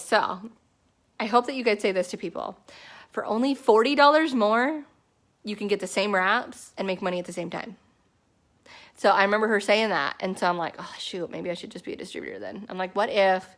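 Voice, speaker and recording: Speaking in a mid-range voice with a slightly bright quality, this network marketing distributor, a woman in her thirties, tells her team about her own life. She keeps it casual and conversational, often restarting and using lots of fillers.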